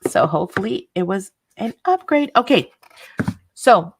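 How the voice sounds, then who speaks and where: A woman's voice: mid-range voice, expressive, a little slow, background noise. A woman hosting a casual craft livestream, chatting and laughing often and greeting viewers by name.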